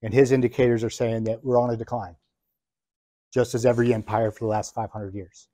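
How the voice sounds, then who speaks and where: A man's voice: medium pitch, little pitch movement, mellow, no echo. Man lecturing in a dry, close sound. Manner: emphatic, deliberate, ticks through points one by one. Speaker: business coach. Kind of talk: lecture to business students.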